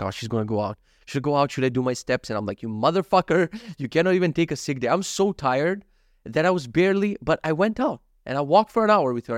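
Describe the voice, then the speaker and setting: A man's voice: medium pitch, no echo, clean studio sound. A man in his thirties telling stories from his day in a casual vlog, acting out his own thoughts and swearing freely. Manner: animated storytelling, frequent swearing, acts out his own thoughts. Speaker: vlogger. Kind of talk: casual daily vlog monologue.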